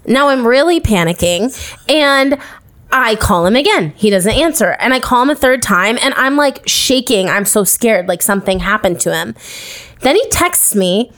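A woman's voice: a little high, animated, normal speed, fairly bright tone. A woman co-hosting a podcast, telling a story in casual chat and swearing freely. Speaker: podcast co-host.

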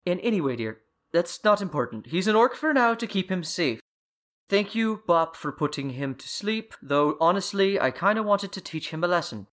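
Man doing a sweet old woman warrior, high fluttery voice, calls everyone dear, tabletop role-play. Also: lively intonation, moderate pace, fairly bright tone. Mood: fussy. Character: doting elderly woman, a halberd-wielding warrior.

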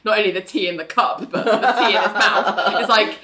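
A woman's voice: mid-range voice, brisk, bright, forceful tone. A woman co-hosting a podcast, animatedly retelling a show and acting out its characters' lines. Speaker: podcast co-host recapping a show. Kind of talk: casual chat.

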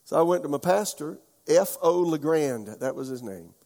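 A pastor preaches in a fairly high, gravelly voice, telling homespun stories and calling out questions to his congregation. His voice rings with the long reverb of a church hall. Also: animated, moderate pace, darkish tone. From South Carolina, USA. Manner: folksy storytelling, asks the congregation questions. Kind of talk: sermon.

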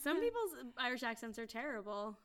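A woman's voice: on the high side, sing-song, brisk, smooth. A woman in her thirties co-hosting a casual podcast, chatty and self-deprecating, with lots of fillers. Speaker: podcast co-host. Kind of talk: casual chat.

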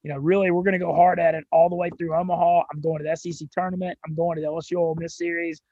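A young man with a Southern drawl and a high, gravelly, somewhat husky voice, telling his story with excited energy and casual cursing. The sound is dry and a little dull, close to the mic. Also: rapid-fire, no room sound. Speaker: sports radio and gambling show host, guest.

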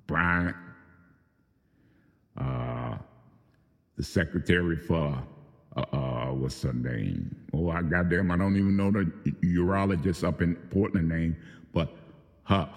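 A man's voice: deep voice, big-room sound. A man hosting his own show, delivering a profane, confrontational unscripted monologue. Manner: profane, venting, confrontational, addressing people by name.

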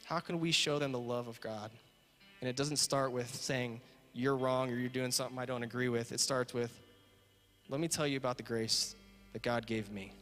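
A man's voice: mid-range voice, steady tone, normal speed. A man preaching as a pastor, earnest and repetitive, building to emphatic points and closing in prayer. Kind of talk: sermon. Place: church sanctuary. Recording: reverberant hall with soft guitar.

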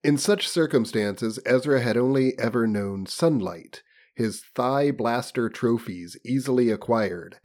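A man's voice: mid-range voice, measured pace, darkish tone. A man reading a novel aloud on a podcast in a mock-solemn, theatrical manner. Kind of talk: dramatic reading of a book on a comedy podcast.

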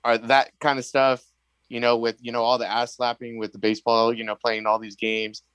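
A man's voice: medium pitch, monotone, a little fast, a bit bright, clear, resonant tone, no room sound. Male co-host, jokey and teasing, dry close sound. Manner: joking, teasing. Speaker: podcast co-host. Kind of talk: casual chat.

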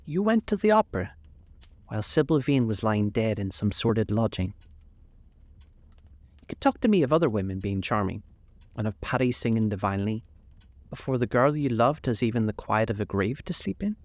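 A man's voice: fairly low pitch, lively intonation, normal speed, pauses often, a little mellow, no room sound, close to an everyday voice. A man voicing an anguished, earnest older male painter in a storybook reading, pained and pleading. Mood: distressed.

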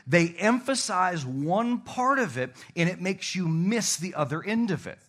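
A male pastor delivers a lively sermon in church. His voice sits a little higher than most men's. He swings between quiet, slow emphasis and loud, quick calls for the congregation to repeat key words. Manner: animated preaching with calls to the congregation.

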